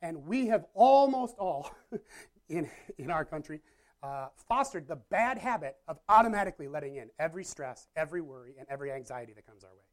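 A pastor delivers a casual, conversational sermon to a live audience in a church or meeting room. The voice is mid-range, expressive, and fairly quick. The delivery is chatty and self-deprecating, with questions put to the audience.

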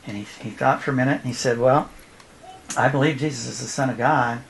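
A man's voice: medium pitch, fairly even intonation, brisk, creaky. A middle-aged man, a former youth pastor, telling a personal testimony at a church event, laughing often and acting out his children's voices. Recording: noisy live recording.

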